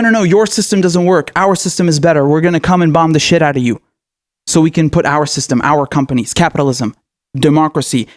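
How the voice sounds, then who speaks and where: A young man tears into his audience in a furious, profanity-laced political rant. His voice sits a little high and the recording is close and dry. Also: dry recording. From Middle East. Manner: furious, profane, shouting insults. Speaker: political commentator.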